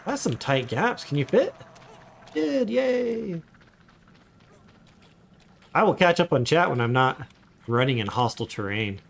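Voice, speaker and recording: A man's voice: mid-range voice, animated, brisk, a bit bright. A chatty man talking through a game on a livestream, his voice rising and falling a lot as he wanders between gameplay notes and side stories. A faint hiss of background noise sits under the recording. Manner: chatty, rambling asides while playing. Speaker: gaming streamer. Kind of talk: casual livestream commentary.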